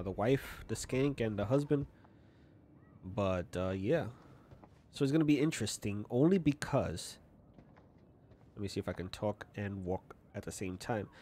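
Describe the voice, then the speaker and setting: A man's voice: medium pitch, mellow. A man with a mid-range voice talks casually over a video game. He is chatty and often trips over words while reading text aloud. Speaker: gaming YouTuber. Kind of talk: casual let's-play commentary. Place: small apartment at night.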